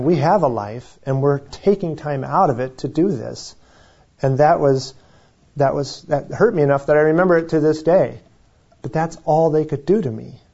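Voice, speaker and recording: A man with a mellow, dark voice leads a Bible study in a casual, chatty way. He often restarts his sentences and laughs softly. The recording sounds dull and lo-fi. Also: medium pitch. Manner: conversational, self-correcting, chuckles. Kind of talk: informal Bible teaching.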